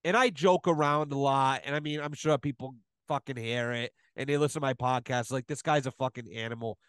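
A man's voice: medium pitch, steady tone, brisk, fairly bright tone, clear, resonant tone, no echo. A man telling stories in a casual podcast chat, profane and emphatic. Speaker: podcast guest, plumber.

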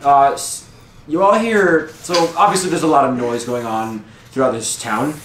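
A man's voice: medium pitch, moderate pace, fairly bright tone, roomy sound, slight background noise. A young man narrating a tabletop game as game master, hesitant with frequent ums and restarts.

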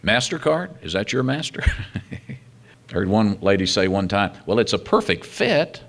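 A man's voice: unhurried, gravelly. A man preaching a sermon, reading scripture aloud and adding humorous asides. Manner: animated preaching with wide swings in pitch and loudness. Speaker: pastor.

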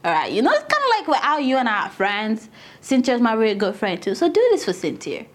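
A woman teaching scripture in a casual, chatty way, with a high voice that swoops widely up and down. She keeps addressing her listeners as "guys" and acts out Bible scenes as she goes. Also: wildly swooping pitch, brisk. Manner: dramatizes scripture with acted quotes.

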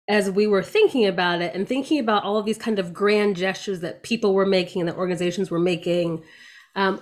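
A woman guest on a podcast interview, speaking thoughtfully and conversationally, with some fillers. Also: lowish voice.

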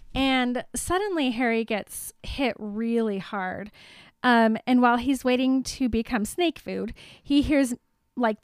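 Giggly high-voiced woman podcaster. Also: clean tone, no room sound. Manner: giggly, playful, animated retelling with silly voices. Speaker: podcast co-host retelling the book. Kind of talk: casual chat.

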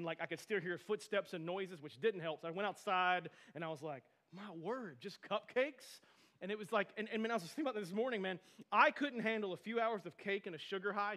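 A man in his thirties, a pastor, preaching a sermon in a conversational, animated storytelling way with frequent asides. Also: high voice.

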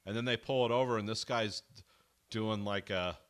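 A man's voice: lowish voice, steady tone, normal speed. A man co-hosting a casual chat about a TV episode, rambling and acting out characters' lines. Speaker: podcast co-host.

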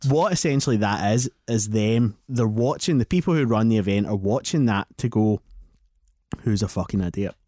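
Sweary Scottish man spinning a yarn, somewhat low voice, dry sound. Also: a little fast, hardly any pauses, dry recording. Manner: sweary, animated anecdote. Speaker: podcast host. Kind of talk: casual storytelling.

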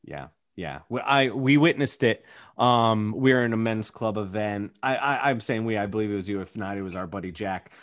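A young man chatting casually as a podcast co-host. He tells stories with animation, acting out what people said, his pitch swinging widely. The sound is dry and close. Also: normal speed, dry recording. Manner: animated storyteller, acts out quotes. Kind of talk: casual chat.

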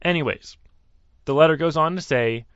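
Young male caller, earnest storyteller, halting delivery, muffled dry lo-fi audio. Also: fairly high pitch, a bit bright, clear, resonant tone, no room sound. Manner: earnest, halting, quotes others in dialogue. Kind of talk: telling a personal story.

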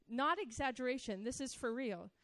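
A middle-aged woman telling a personal story in an animated way, acting out the voices she quotes. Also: high voice, normal speed, no echo. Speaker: speaker sharing a personal story.

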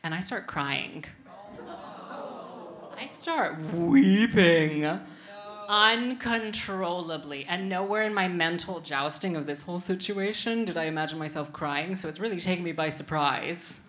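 Self-mocking woman doing stand-up, low voice. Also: fairly quick, hardly any pauses. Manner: self-mocking, deadpan asides to the audience. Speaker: stand-up comedian. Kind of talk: stand-up comedy set. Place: comedy venue with a live audience.

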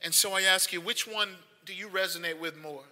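High, bright-voiced male pastor preaching. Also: fairly quick. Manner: conversational preaching, rising to emphatic repeats. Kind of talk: sermon. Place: church sanctuary. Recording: long hall reverb.

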